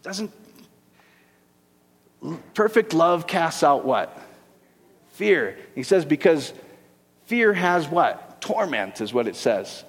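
A middle-aged man preaching with a fairly high voice, his words ringing out in a hall with a long reverb. He jokes and keeps throwing questions back at his congregation. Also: measured pace, breathy edge. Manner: lively, joking, rhetorical questions to the congregation. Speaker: pastor. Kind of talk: sermon.

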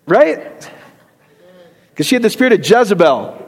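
Man preaching, high voice, chatty and joking, asks the crowd questions, long hall reverb. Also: very animated, normal speed, slightly rough. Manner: asks the congregation questions, laughs at his own jokes. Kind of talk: joking, conversational sermon. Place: church hall.

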